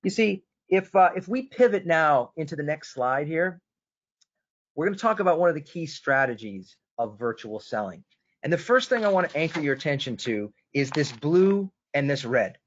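Guy from boston telling a story on a webinar, kinda high voice, dull lo-fi sound. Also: sing-song, normal speed. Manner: storytelling, enthusiastic, addresses co-host by name. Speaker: webinar co-host. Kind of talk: webinar presentation.

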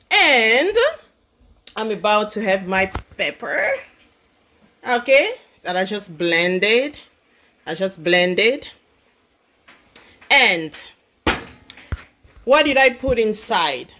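On poor audio over the sizzle of frying, a woman cooking vlogger talks in a lowish, expressive, slightly bright voice, going slowly with long pauses. During her casual demonstration she sassily teases her viewers, calls them honey, and keeps repeating "okay?"

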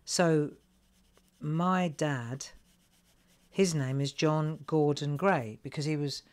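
A woman's voice: low-pitched, steady tone, slow pace, darkish tone. A middle-aged woman hosting a live crafting tutorial, chatting to viewers and thinking aloud as she colours. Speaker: craft host.

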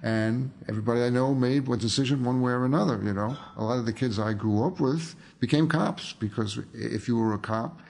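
A man's voice: medium pitch, brisk, vocal fry, hardly any pauses, darkish tone, slight background noise. An older man, an author and filmmaker, telling rambling anecdotes in a casual interview, full of fillers and restarts.

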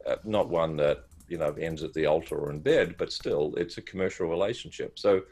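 A man's voice: extremely low pitch, brisk. A man in his fifties, a podcast guest, telling stories with lots of restarts. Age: 50s. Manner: animated storyteller with frequent restarts. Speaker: podcast guest, marketing advisor. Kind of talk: casual interview storytelling.

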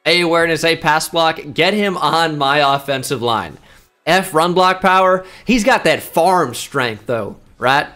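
A man's voice: on the high side, expressive, measured pace, pushed and bright, soft background music. Rambling, joking young male gamer. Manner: rambling, joking, self-mocking. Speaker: gaming YouTuber. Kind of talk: casual gameplay commentary.

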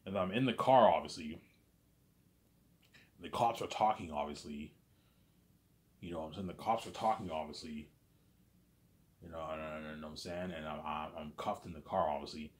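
Deep-voiced man telling a rambling story. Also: normal speed, long pauses, darkish tone. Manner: rambling, full of restarts and repeated stock phrases.

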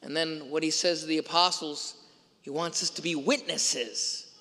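A man's voice: fairly high pitch, fairly even intonation, moderate pace, sharp tone. A man preaching a sermon as a priest, telling a story and asking emphatic rhetorical questions. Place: large church. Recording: long church reverb.

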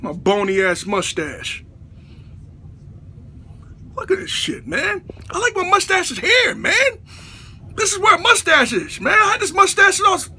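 Male comic vlogger with a very high, sharp-edged voice, ranting in exasperation, loud and profane. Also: slight background noise. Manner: profane, exasperated, bursts into shouts. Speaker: comedy vlogger. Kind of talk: comedic rant to camera.

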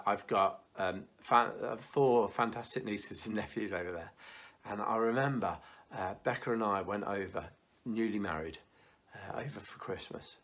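A man in his thirties giving a church youth talk, telling stories in a lively way, then turning quiet and earnest, with some stumbling restarts. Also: fairly low pitch.

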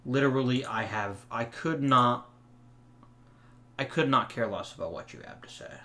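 In a let's play of a baseball management game, a young man who runs a gaming channel talks through his decisions and snaps back sarcastically at his own virtual players. He speaks unhurriedly in a mid-range voice with a sharp tone.

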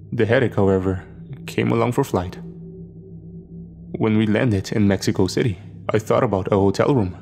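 A man telling a scripted horror story in the first person, his voice gravelly and fried at the ends of phrases. He sounds slightly low and keeps a dry, sardonic tone, with faint music underneath. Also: darkish tone.

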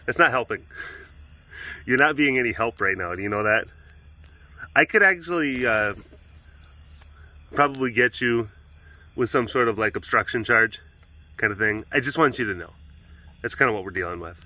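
A man's voice: medium pitch, animated, normal speed, long pauses, pushed and bright. A man keeping big cats, chatting casually and playfully scolding the animals in mock-serious tones, outdoors at an animal facility. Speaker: big cat keeper. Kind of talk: casual vlog.

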